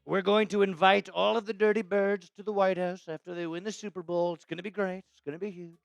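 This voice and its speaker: A man's voice: high voice, level tone, fast talker, creaky, faint music behind. A man doing an impression of a boastful male politician, full of grand promises and repeated superlatives. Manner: bragging, repetitive superlatives.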